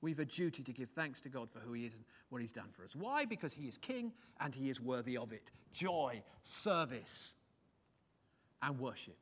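A man preaching a sermon in church, animated and jokey, swinging his pitch and loudness for emphasis. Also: moderate pace, slightly rough.

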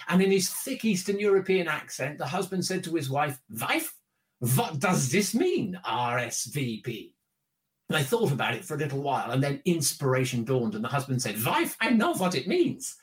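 A man delivering a sermon in a relaxed, conversational manner. His voice sits a little higher than most men's. He leans on repeated phrases. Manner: conversational, repetitive, with light chuckles. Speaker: preacher.

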